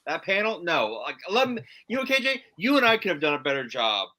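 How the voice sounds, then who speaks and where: A man in casual podcast chat, animated and emphatic, giving playful rants. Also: on the high side, a little fast.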